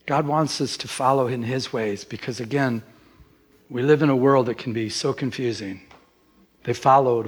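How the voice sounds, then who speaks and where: A middle-aged man, a pastor, preaching a sermon with lively emphasis that rises in pitch.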